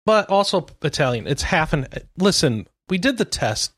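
A man's voice: on the high side, sing-song, normal speed, fairly bright tone, breathy edge, no room sound, clean studio sound. A man from upstate New York in casual chat, playfully arguing a point. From Rochester, New York. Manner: playfully argumentative.

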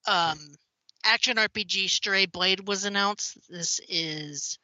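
A woman's voice: mid-range voice, slow, sharp tone, no room sound, low-quality recording. A woman co-hosting a games podcast, reading news in a casual, chatty way and drifting off topic easily. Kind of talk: casual chat.

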